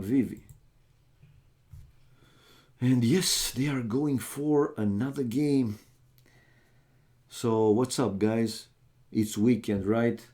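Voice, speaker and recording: Slow, mellow-voiced streamer man. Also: on the low side. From Romania. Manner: chatty, talks straight to viewers, calls them "man". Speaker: live streamer casting a strategy game. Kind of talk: casual live-stream chat and match commentary.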